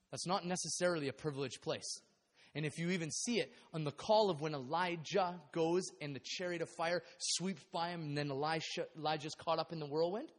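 A man preaching a sermon, animated and acting out the voices of the people in the story. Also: fairly high pitch. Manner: animated, acts out biblical voices. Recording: long hall reverb.

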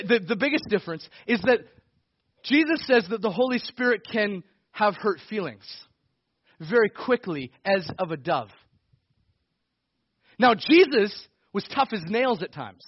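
Male pastor, conversational sermon, breaks into shouts; very high voice, close and dry. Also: no echo, lo-fi sound. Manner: energetic preaching with bursts of shouting; conversational, with laughs and self-corrections.

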